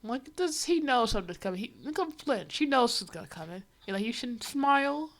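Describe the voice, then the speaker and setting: Streamer woman, fairly high voice, casual exasperated rant while reacting. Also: sing-song, quick pace. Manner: exasperated, ranting. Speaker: livestreamer.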